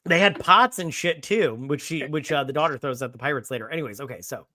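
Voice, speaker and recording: A man hosting a casual movie review after drinking, rambling and profane, with sudden loud acted-out lines. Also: on the high side, fast talker, no echo, studio quality. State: has been drinking. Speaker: podcast host.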